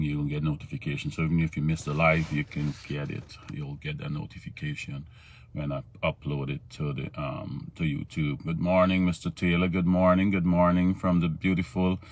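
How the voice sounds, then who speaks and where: A man's voice: low voice, no room sound. A man hosting a live morning devotional stream, talking informally, greeting viewers by name and repeating himself. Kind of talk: casual live-stream Bible talk.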